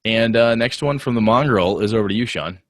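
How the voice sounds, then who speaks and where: A man's voice: lowish voice, fairly quick, dry recording, clean studio sound. A man co-hosting a gaming podcast in casual chat, teasing his partner and laughing often. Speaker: podcast co-host.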